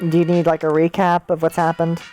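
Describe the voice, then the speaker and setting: Low-voiced woman streaming a game. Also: monotone, brisk, warm tone. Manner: reacts with confused asides between read lines. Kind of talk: casual game stream, reading dialogue aloud. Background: game music.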